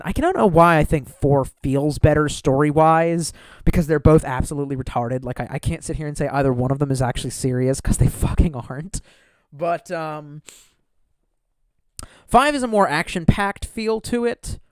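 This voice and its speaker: On a livestream, a man chats casually and answers viewers, his voice on the high side, animated, smooth, and at normal speed with no room sound. He swears a lot, rambles, and sometimes trails off into a mumble.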